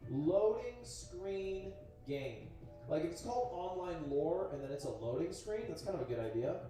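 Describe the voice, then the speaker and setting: A young man in his twenties narrating his own vlog in a brisk, chatty, self-assured way. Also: on the high side, very animated, dark tone, soft background music. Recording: echoey, distant playback on a stream.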